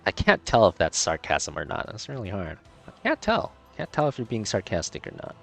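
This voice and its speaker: A man with a very low voice comments live on his own gameplay. He talks casually to his chat and keeps ranting in exasperation about his teammates. Faint game music plays behind him. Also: huge pitch swings, a little fast, vocal fry, fairly bright tone. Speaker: game streamer.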